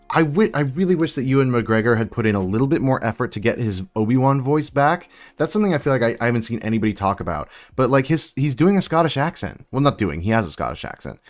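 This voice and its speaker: A man's voice: medium pitch, lively intonation, brisk. A man hosting a casual building live stream, rambling and chatting with viewers as he works. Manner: chatty, rambling, answers chat while building. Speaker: livestream host building sets.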